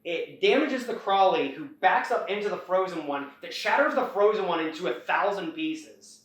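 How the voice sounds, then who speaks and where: A man's voice: high-pitched, normal speed. A man casually retelling a story, rambling along and acting out the characters' lines. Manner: rambling, animated retelling with acted-out quotes. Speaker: host. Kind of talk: casual plot recap. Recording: echoey room, far from the mic.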